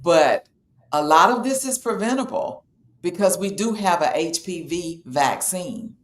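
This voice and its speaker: A woman's voice: lowish voice, animated, unhurried, echoey room. A woman explaining a health topic in a casual, matter-of-fact way, as host of a talk show. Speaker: health educator.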